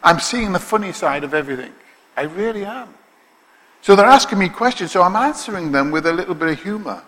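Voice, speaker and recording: A man with a Liverpool accent preaches a sermon, his bright, forceful voice ringing through a big hall with a long reverb. He drops into quiet, chatty asides, then swells into loud, slow, stretched-out declarations. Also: sits high, animated. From Liverpool, England.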